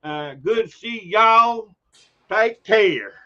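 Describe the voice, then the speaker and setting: A man with a New York accent doing a slow, folksy Southern-guy impression to sign off. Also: high voice, animated, bright, forceful tone, muffled recording, pitched above the performer's own voice, full character voice. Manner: slow drawl, self-mocking impression.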